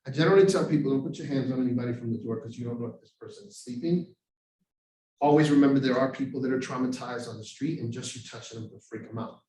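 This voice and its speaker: A man's voice: mid-range voice, fast talker. Man teaching in an echoey room. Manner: animated storytelling with acted street voices. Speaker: overdose prevention trainer. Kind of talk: live training talk. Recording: very echoey room, far from mic.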